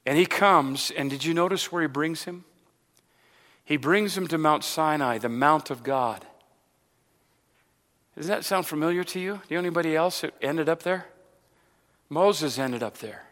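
Bright-voiced male preacher in a reverberant hall. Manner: repeats words, asks the crowd rhetorical questions; builds to loud emphatic stretches, then drops low. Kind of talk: sermon.

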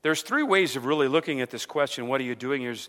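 A man's voice: medium pitch, lively intonation, quick pace, a bit bright, in a large hall. A man preaching a sermon in a loose, conversational way, sprinkling "amen" and repeating words as he works through his point. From Arizona, USA. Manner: preaching with frequent "amen" fillers and repetitions. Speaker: pastor.

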